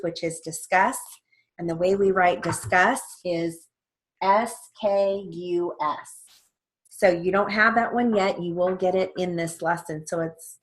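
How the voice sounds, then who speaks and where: A woman walks through a stenography theory lesson in a lowish voice, speaking slowly and unhurriedly. She explains step by step, spelling out letters one by one, with frequent fillers and check-ins. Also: fairly bright tone. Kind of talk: recorded lesson walkthrough.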